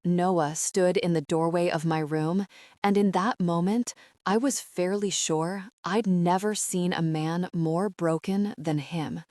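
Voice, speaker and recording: A woman narrating an audiobook in a slow, sorrowful, measured reading. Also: lowish voice, fairly even intonation, a little mellow, no room sound, studio quality.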